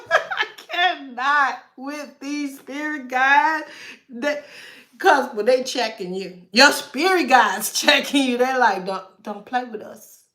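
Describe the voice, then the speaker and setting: A woman with a high voice gives a live tarot reading. She takes her time, lingering over her words, and keeps laughing as she chats straight to her viewers. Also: fairly bright tone, reverberant. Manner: chatty, laughs often, talks to viewers as y'all. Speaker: tarot reader.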